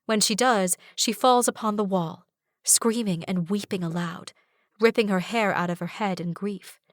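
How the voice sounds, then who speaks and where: A woman's voice: mid-range voice, normal speed, no echo. A woman narrating a first-person fantasy audiobook in a dramatic way, recorded on a close studio microphone. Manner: dramatic, with rising cries in dialogue.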